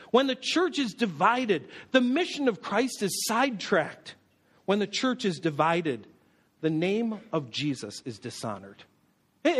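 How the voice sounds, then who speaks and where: A male pastor delivers his sermon in a high-pitched voice that swoops up and down. He drives points home by repeating phrases and briefly acting out the people he quotes. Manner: emphatic, repeats key phrases for effect.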